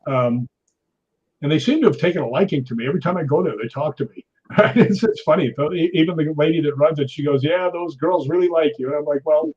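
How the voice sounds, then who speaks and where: Brief: man, 60s, stuntman guest, husky raised voice, animated storyteller, dull lo-fi recording. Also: a little high, quick pace. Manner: lively, laughs often, acts out others' lines. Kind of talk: anecdotal storytelling.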